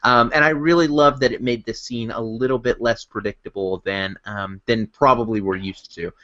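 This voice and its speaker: A man's voice: mid-range voice, fairly even intonation, moderate pace, sharp tone. A man co-hosting a podcast, rambling enthusiastically with lots of fillers in casual chat. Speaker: podcast co-host. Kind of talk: casual movie review chat. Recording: dull lo-fi podcast audio.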